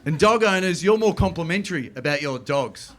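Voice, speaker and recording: A middle-aged man with an Australian accent doing a stand-up comedy routine, telling stories quickly and slipping into playful voices. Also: fairly high pitch, a crowd in the background. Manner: animated, quick storytelling with playful put-on voices. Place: comedy club stage.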